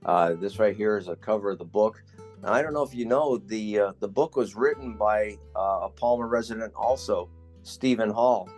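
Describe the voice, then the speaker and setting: Man in his 60s, low voice, folksy storyteller, faint music behind. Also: moderate pace, darkish tone. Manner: folksy storyteller, laughs at his own tales. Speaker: retired motorcycle stunt rider. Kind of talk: casual reminiscing on a tour of his memorabilia.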